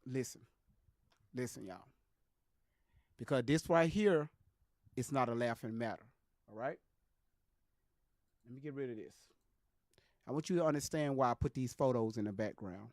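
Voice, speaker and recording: A man's voice: mid-range voice, moderate pace, pauses often, a little mellow, no room sound, clean studio sound. Emphatic man talking to his live viewers. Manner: emphatic, repeats himself, keeps addressing viewers directly. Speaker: live stream commentator. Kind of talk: live stream commentary.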